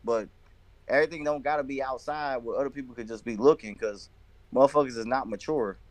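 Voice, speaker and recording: A young man chatting casually with friends, animated and swearing, with lots of filler words. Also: medium pitch, brisk, no echo. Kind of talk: casual chat among friends.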